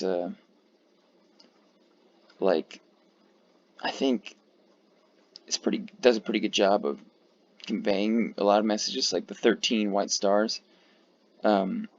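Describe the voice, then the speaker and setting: Gravelly, tired man rambling casually. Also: on the low side. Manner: rambling, profane, many fillers. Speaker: video creator ranking flags. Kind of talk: casual commentary. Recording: dull lo-fi mic.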